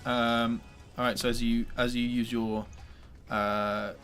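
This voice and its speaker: A man's voice: mid-range voice, little pitch movement, takes it slowly, fairly bright tone, soft background music. A man narrating as game master of a tabletop game, hesitant, with many fillers and restarts.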